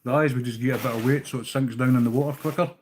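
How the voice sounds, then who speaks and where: Very fast and fairly even in intonation, a Scottish man's medium-pitched voice carries his casual live-stream chat with viewers as he ties fishing flies. He's easygoing and swears from time to time. There's slight background noise.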